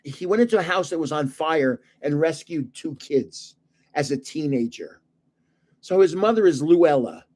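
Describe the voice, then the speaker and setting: An older man hosting a casual livestream, telling rambling stories and chuckling often. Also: on the high side. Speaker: channel host giving away trading cards.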